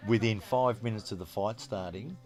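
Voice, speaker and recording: An Australian man telling pub stories in casual chat, swearing freely and getting loud at the punchlines. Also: fairly low pitch, normal speed, faint music behind. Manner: animated yarn-spinner, swears freely, rises loud at punchlines. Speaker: storytelling guest.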